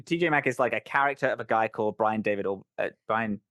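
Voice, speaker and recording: A man's voice: on the low side, fast, fairly bright tone, dry recording. Podcast host, man with a neutral London accent, rambly and a bit sweary, dry close sound. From England. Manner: rambling, swears casually, laughs often. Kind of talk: casual chat.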